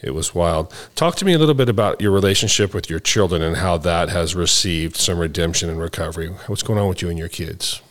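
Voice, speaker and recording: A man's voice: low voice, quick pace, hardly any pauses. A man hosting a candid recovery conversation and telling his own story in an earnest, emotional way. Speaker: podcast host.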